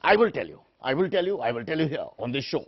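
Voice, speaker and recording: A man playing a pompous, self-important anchor in a parody of a shouting TV debate show. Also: on the high side, very animated, quick pace, gravelly, breathy edge, lo-fi sound. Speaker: satirical news anchor.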